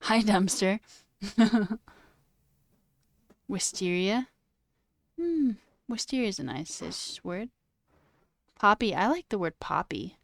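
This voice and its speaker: A woman's voice: mid-range voice, sing-song, slow, gravelly, pauses often, no room sound. A woman chatting casually on a livestream, playful and rambling as she answers her chat. Her voice sits in a mid range and sounds close and dry, with no room around it. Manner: playful and chatty, musing aloud over word sounds; reads and answers a live chat.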